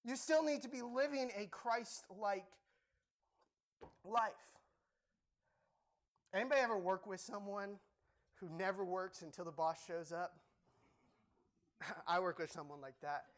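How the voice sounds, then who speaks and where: Young guy preaching, pretty high voice, jokes around then hits the points hard. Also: a little slow, pauses often. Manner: animated, joking, emphatic. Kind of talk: sermon.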